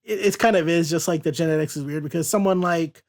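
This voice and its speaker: A man's voice: fairly high pitch, a little mellow. A man hosting a casual podcast, walking through a comic page by page and reading lines aloud in loose paraphrase. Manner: reads character lines aloud in quick, loose paraphrase, laughs often. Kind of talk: casual comic review chat.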